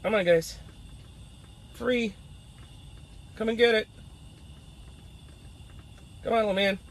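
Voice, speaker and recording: A man's voice: high-pitched, slow pace. A man doing playful live commentary while ice fishing outdoors on a frozen pond, teasing the fish as he talks.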